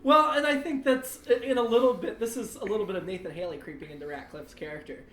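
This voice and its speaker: A man's voice: sits high, steady tone, quick pace, fairly bright tone. A man hosting a casual podcast roundtable, steering the talk and laughing often. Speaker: podcast host and show creator. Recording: roomy, distant mic.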